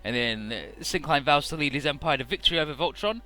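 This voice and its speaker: A man's voice: a little high, animated, fast, bright, forceful tone, faint music behind. A man casually recapping a video game story for his let's play, chatty and full of "uh" and "he's like".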